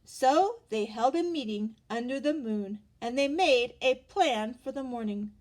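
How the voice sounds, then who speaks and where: A woman reading a picture book aloud to children, pausing to ask them gentle questions. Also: a little high, lively intonation. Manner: gentle, asks the listener questions, gasps for effect.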